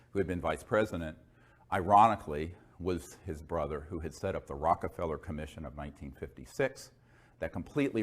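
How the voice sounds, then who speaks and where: Very deep-voiced man telling a story. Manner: rambling, digressive, with frequent fillers and asides. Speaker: speaker recounting experiences. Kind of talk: conversational storytelling monologue.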